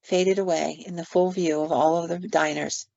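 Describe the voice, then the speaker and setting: With a low, gravelly, somewhat dark voice, steady tone, and moderate pace, a woman co-host retells ghost stories on a podcast. She tells them casually, using fillers and quoted asides, in a dull, lo-fi, dry recording without echo.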